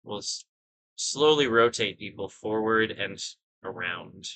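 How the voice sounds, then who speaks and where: A man's voice: on the low side, expressive, slow, pushed and bright, poor audio. A man hosting a gaming video, giving casual gameplay commentary and thinking aloud in rambling asides.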